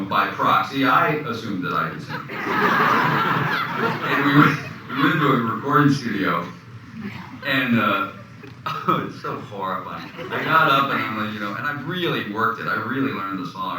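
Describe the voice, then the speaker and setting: A low-pitched man tells stories in a lively, swooping voice, acting out the lines he quotes. He is picked up from a distance in a very echoey room. A steady noise runs underneath. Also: moderate pace. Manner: animated storyteller, acts out quotes. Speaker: actor, interview guest. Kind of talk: anecdotal interview storytelling.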